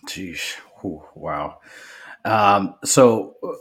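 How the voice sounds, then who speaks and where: A man hosts a podcast interview, talking in a relaxed and conversational way. His voice sits on the low side. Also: extremely slow, breathy edge. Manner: laid-back, conversational. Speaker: podcast host. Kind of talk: casual interview talk.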